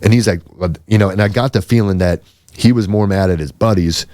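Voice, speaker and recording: Low-voiced swearing podcast man. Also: fairly quick, darkish tone, no room sound, studio quality. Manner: swearing, rambling, acts out quoted voices. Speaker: podcast host. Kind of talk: casual storytelling chat.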